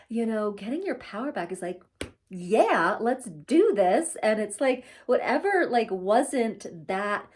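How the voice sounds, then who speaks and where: A woman's voice: fairly high pitch, darkish tone. A woman in her forties talking casually to camera as a spiritual vlogger, chatty and laughing often, with many fillers.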